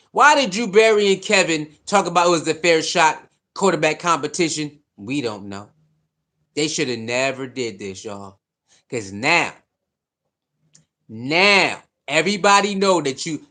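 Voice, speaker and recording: A man giving a heated, repetitive casual rant about a football team's quarterback choices. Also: a little high. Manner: animated, repetitive, preachy. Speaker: sports commentator.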